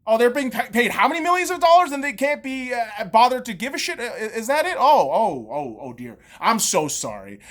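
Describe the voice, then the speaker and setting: A woman's voice: on the high side, a bit bright. A woman podcast host, in her thirties, on a heated and profane sports rant full of sarcastic jabs.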